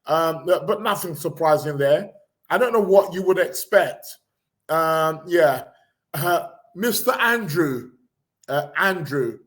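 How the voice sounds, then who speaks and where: Reading the news aloud in a casual live podcast chat, this English host rambles and mocks, restarting often and filling gaps. His slightly high, somewhat bright voice has lively intonation at a slow pace.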